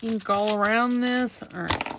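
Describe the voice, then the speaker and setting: A woman crafting a junk journal, talking quietly and rambling to herself as she works. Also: on the high side, steady tone, unhurried, very noisy. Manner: quiet, rambling, talks to herself while working. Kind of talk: casual crafting vlog narration.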